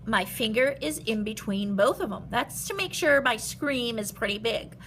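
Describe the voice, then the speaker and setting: A woman art teacher leading a step-by-step drawing lesson for young children, animated and expressive, explaining in simple words. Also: fairly high pitch, moderate pace, a little hiss or hum.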